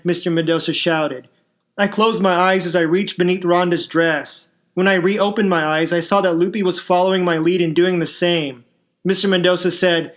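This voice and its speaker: A man's voice: on the high side, fairly even intonation, normal speed. A man reading aloud his own first-person story, narrating events and dialogue.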